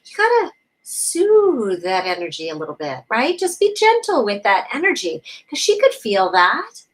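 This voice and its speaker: A woman co-hosting a casual spiritual chat, talking in a gentle, encouraging way and often asking "right?". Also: on the high side, wildly swooping pitch, normal speed, rough recording. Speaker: co-host.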